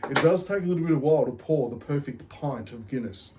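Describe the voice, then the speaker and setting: A man's voice: mid-range voice, lively intonation, quick pace, noisy background. A man hosting a beer and betting show, chatting casually and rambling, with free swearing.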